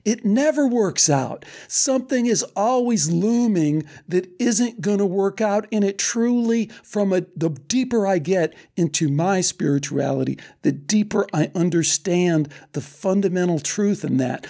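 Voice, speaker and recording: A man's voice: high voice, darkish tone. Earnest Chicago man hosting a podcast. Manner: earnest, enthusiastic, spiritual musing. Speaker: podcast host. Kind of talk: casual interview chat.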